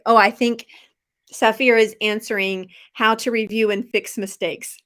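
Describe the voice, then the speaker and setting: Friendly American woman teacher from the South, neutral accent, slow clear speech on a video call. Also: medium pitch, steady tone, a bit bright. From Memphis, Tennessee, US. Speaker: English teacher. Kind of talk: casual live-stream lesson chat.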